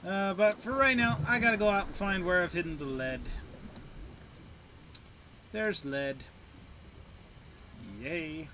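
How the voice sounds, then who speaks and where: A man's voice: high voice, a little slow, pauses often, sharp tone, a little hiss or hum. A man giving casual, playful commentary while he plays a game, chatting to himself as he goes. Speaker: gameplay commentator. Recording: game music playing behind.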